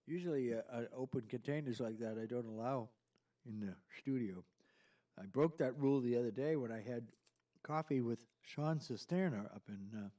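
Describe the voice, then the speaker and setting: A man's voice: medium pitch, a little mellow. A middle-aged man hosting a live stream from his home studio, chatting casually and rambling with self-deprecating asides as he reads viewer comments.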